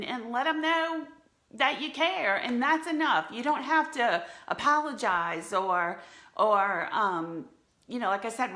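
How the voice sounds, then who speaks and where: A woman's voice: medium pitch, bright, forceful tone. A woman talking earnestly and candidly into her phone for a live video, with frequent small laughs. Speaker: church media director. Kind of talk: heartfelt live video talk. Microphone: phone camera for a live stream. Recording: echoey room.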